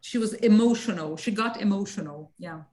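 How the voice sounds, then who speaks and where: A woman's voice: mid-range voice, moderate pace, a little mellow, low-quality recording. A woman teaching an English lesson. She explains patiently and keeps checking whether her students understand.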